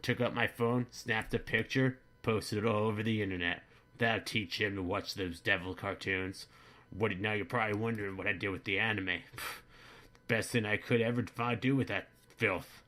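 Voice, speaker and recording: A man's voice: on the low side, steady tone, moderate pace. A man playing a boorish, bigoted middle-aged dad who rambles crudely through a comedic monologue. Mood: blustering. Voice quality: bright-toned, rambling, crude. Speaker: comedy vlogger in character.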